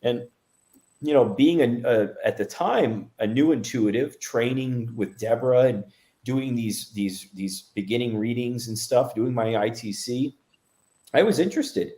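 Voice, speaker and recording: A man's voice: mid-range voice, measured pace, dark tone. A man, a medium guest, telling a story in a casual interview, rambling with many fillers and restarts.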